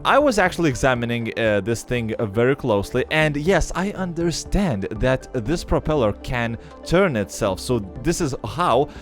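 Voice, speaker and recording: A man's voice: medium pitch, very animated, moderate pace, few pauses, soft background music. Man with a non-native English accent. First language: not English. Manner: explanatory, apologetic about his English, many "uh" fillers. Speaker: gaming YouTuber. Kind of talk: game commentary.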